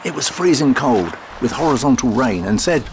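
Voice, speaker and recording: A man's voice: medium pitch, big pitch swings, normal speed, background noise. A man narrating his own road-trip vlog in a chatty, jokey way, mixing casual remarks with read-out facts. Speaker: travel vlogger.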